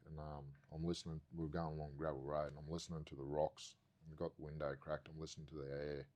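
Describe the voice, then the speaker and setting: A man's voice: very deep voice, little pitch movement, fairly quick, darkish tone. An Australian man, a podcast guest, telling a story in casual, rambling talk and swearing constantly.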